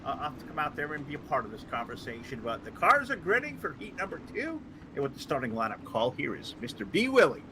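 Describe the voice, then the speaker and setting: A man announcing a short-track race with folksy, self-deprecating, excitable live commentary. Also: a little high, quick pace, hardly any pauses, background noise.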